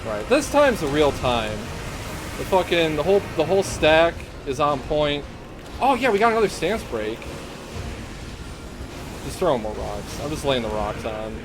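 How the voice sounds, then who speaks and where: A man's voice: a little high, expressive, moderate pace, long pauses, background noise. A young man streaming a game live, chatting casually with lots of swearing and giggling while he plays. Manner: casual, profane, giggly banter. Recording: game music clearly behind voice.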